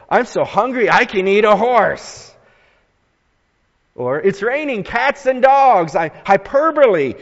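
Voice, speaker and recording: A man preaching a sermon, swinging from anguished shouts down to hushed, slow reflection. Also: high voice. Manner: dramatic, rises to anguished shouts then drops to hushed tones. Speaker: pastor. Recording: muffled sound with long hall reverb.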